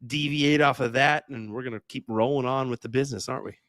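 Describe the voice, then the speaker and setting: A young man co-commentating on darts in a casual, measured and analytical way, with frequent fillers. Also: medium pitch, fairly even intonation, a bit bright, no echo.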